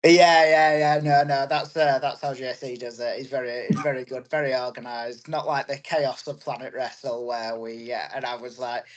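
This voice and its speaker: A man's voice: medium pitch, fairly even intonation, normal speed, hardly any pauses, muffled recording. A man in his thirties, a wrestler and promoter, chatting in a podcast interview, rambling along and laughing often. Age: 30s. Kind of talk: casual podcast chat.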